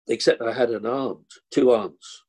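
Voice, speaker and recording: An older actor from Kilburn in London, telling anecdotes in an interview with animated, acted-out asides. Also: male voice, mid-range voice, measured pace. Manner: animated, acts out the people in his anecdotes. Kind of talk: anecdotal storytelling.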